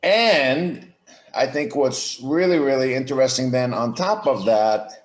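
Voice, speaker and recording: Lively intonation marks this man's mid-range voice, heard in an echoey room as he guests on a podcast over video call. He's slow and reflective, frequently restarting sentences while explaining ideas in a conversational interview.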